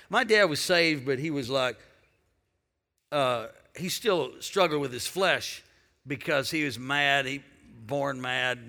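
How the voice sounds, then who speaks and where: A man preaching a sermon, emphatic and building to shouts, calling on the congregation to respond. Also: medium pitch, big-room sound. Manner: calls on the congregation. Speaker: pastor.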